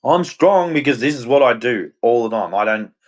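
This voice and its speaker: A man's voice: medium pitch, lively intonation, moderate pace. A man hosting a livestream, ranting in a rambling, frustrated and heartfelt way. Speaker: livestream host. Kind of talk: casual ranting monologue.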